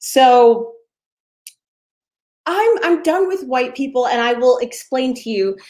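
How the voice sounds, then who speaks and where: A young woman in her twenties performs a stand-up set over a video call from home. Her voice sits fairly high, and she tells her story with lots of fillers and playful, chatty asides. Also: animated, slow pace, mellow. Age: 20s. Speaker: stand-up comedian.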